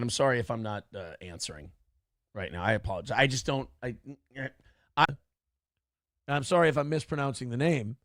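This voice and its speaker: A man's voice: medium pitch, dry recording, clean studio sound. A man hosting a live-streamed morning talk show, sarcastic and combative, over and over saying he is sorry. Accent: Upper Midwest American. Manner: repeatedly apologizing, sarcastic and combative.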